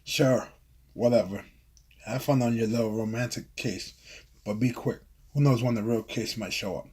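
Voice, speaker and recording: A man reading the lines of an irritated, skeptical male detective partner in his own husky voice, sounding exasperated. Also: medium pitch, steady tone, normal speed, darkish tone, lightly acted. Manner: exasperated, grumbling.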